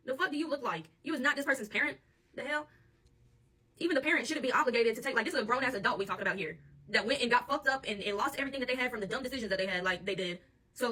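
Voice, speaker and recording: Tarot reader, woman, AAVE, quick and sharp-toned, mic set back a bit. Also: on the high side, distant mic. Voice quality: blunt and profane, laughs often. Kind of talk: channeled tarot reading monologue.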